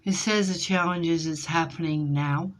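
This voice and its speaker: A woman giving a tarot card reading, hesitant and searching, often pausing on fillers as she describes what she feels from the cards. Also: low voice, fairly even intonation. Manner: intuitive, speaks in feelings. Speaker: tarot reader.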